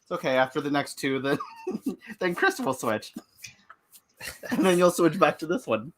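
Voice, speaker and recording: A woman's voice: low-pitched, big pitch swings, moderate pace, a little hiss or hum. A woman co-hosting a live online tarot reading, chatty and giggly, often stumbling over her words. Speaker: co-host tarot reader.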